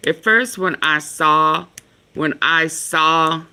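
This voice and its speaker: A woman vlogger reacting to clips in slow, earnest, rambling casual commentary. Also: sits low, pushed and bright, clear, resonant tone.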